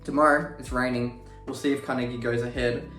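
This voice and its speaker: A man's voice: mid-range voice, little pitch movement, a little fast, fairly bright tone, soft background music. A young man with an Australian accent chatting through a casual fitness vlog in an upbeat, laid-back way, explaining his training. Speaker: fitness vlogger.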